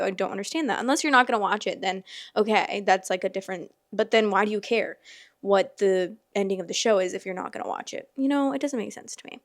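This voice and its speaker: A chatty woman host reading stories aloud and riffing on them, full of fillers and quick exclamations. Her voice sits at a middle pitch and is recorded close and dry, with no room sound. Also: no room sound. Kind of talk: casual chat and reading aloud.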